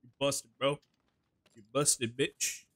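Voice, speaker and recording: A male streamer giving casual gaming commentary, brash, excitable and full of swearing. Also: mid-range voice, slow pace. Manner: brash, excitable and heavily profane.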